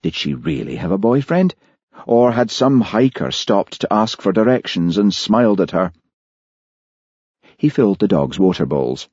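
Deep, husky male audiobook narrator. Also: sing-song, a little mellow, no echo. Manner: measured storytelling. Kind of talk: scripted narration. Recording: dull lo-fi audiobook recording.

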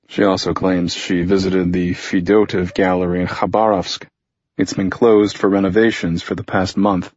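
Low, husky male narrator. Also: level tone, normal speed, a little mellow, no room sound, muffled recording. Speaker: audiobook narrator. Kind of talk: scripted narration.

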